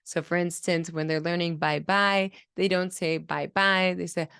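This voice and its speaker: A woman's voice: lowish voice, level tone, normal speed, fairly bright tone, clear, resonant tone, no room sound, studio quality. A woman speech-language pathologist teaching on a podcast, talking earnestly and sounding out children's babble as examples. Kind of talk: educational podcast talk.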